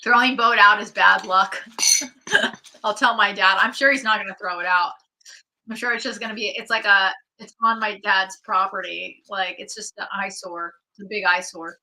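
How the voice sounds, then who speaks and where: A woman's voice: medium pitch, steady tone, normal speed, pushed and bright, rough recording. A woman hosting a casual livestream, chatting and giggling as she reads out viewer comments and answers them. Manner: giggly, rambling with many likes. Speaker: streamer hosting a live chat.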